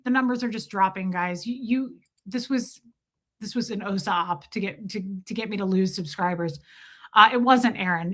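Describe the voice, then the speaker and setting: A middle-aged woman hosting a casual livestream, her voice hoarse and worn, making sardonic, profane asides. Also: on the high side, pushed and bright. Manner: sardonic, profane, slow drawn-out singing between quick asides. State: hoarse, voice worn from a long call. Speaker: livestream host. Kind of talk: casual livestream chat with mock singing.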